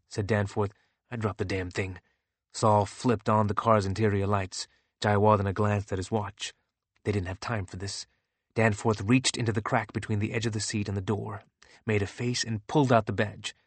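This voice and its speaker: Brief: male audiobook narrator, steady and even, lowish pitch, dry studio read. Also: moderate pace, no room sound.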